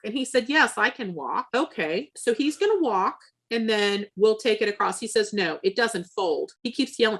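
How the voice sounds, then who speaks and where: A woman's voice: mid-range voice, moderate pace, hardly any pauses, husky. A woman telling a long story as an interview guest, acting out the voices of the people she quotes. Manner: animated, acts out quoted exchanges. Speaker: interview guest, former seller.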